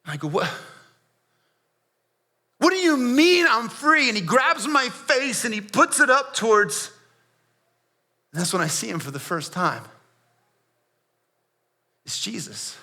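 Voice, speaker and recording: A man playing Barabbas, a high-voiced streetwise prisoner. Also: sing-song, unhurried, pauses often, bright, forceful tone, full character voice. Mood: confiding. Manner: casual, slangy, confiding asides. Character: Barabbas, rough defiant male prisoner, streetwise adult. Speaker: pastor performing a dramatic monologue. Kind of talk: first-person dramatic storytelling. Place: church.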